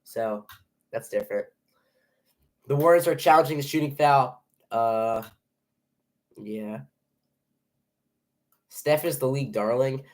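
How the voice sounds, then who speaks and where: A man's voice: medium pitch, takes it slowly, pauses often. Jittery young man calling a game live. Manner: nervous, excitable, stumbling over restarts. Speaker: fan streaming a live game reaction. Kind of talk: live play-by-play reaction.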